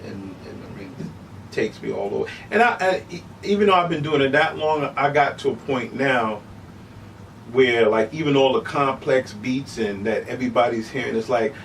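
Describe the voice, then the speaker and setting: A middle-aged man telling stories as an interview guest, animated and casual, often saying "you know what I'm saying". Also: medium pitch, vocal fry, recorded from a distance, a little hiss or hum, rough recording. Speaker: human beatboxer, interview guest.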